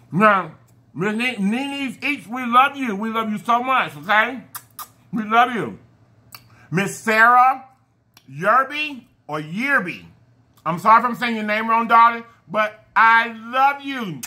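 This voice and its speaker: A man with a high, piercing voice hosts an eating video and chats casually to his viewers. He thanks his fans one by one with warm affection, often tripping over names and correcting himself. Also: sing-song, measured pace, pauses often. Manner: affectionate, giving shout-outs to fans. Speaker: mukbang channel host.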